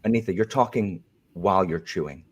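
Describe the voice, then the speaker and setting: A man's voice: deep voice, a little fast, slightly rough. A man hosting a video call chat in a stiff, overly proper and polite manner. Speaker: host.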